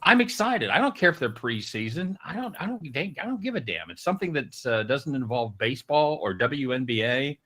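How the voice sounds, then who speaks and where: Lively joking host from Kansas City. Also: male voice, mid-range voice, fairly quick, hardly any pauses. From Kansas City, USA. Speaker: show host. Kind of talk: casual sports betting chat.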